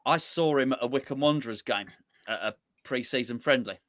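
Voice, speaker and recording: Male co-host, bright tense voice, bantering, dry recording. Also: mid-range voice, fairly quick, dry recording. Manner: chatty, laughing banter. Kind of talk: casual chat.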